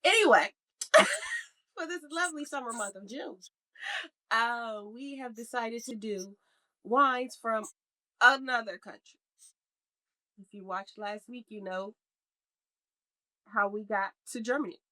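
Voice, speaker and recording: A woman's voice: fairly high pitch, expressive, takes it slowly, long pauses, pushed and bright. A woman co-hosting a podcast in casual chat, rambling and playful, laughing often. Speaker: podcast co-host.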